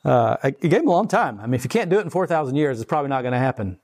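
A man's voice: mid-range voice, animated, a little mellow. A man in his forties giving a casual, conversational sermon and chuckling between points. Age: 40s. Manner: conversational, chuckling, slows down to read scripture. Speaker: preacher.

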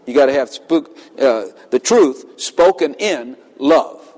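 A man's voice: mid-range voice, expressive, takes it slowly, darkish tone. A man preaching a sermon, emphatic and impassioned, with dramatic readings of scripture. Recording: long hall reverb.

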